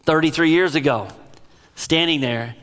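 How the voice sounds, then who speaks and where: A middle-aged man preaching a sermon as a pastor, telling stories in an emotional, animated way. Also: a little high, measured pace. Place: large church sanctuary. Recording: long reverb of a large hall.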